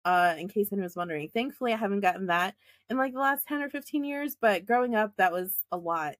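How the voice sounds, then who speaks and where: A woman co-hosting a podcast in casual chat, animated and quick to laugh as she tells stories. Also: medium pitch, dry recording. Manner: chatty, laughs often, animated storytelling. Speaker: podcast co-host.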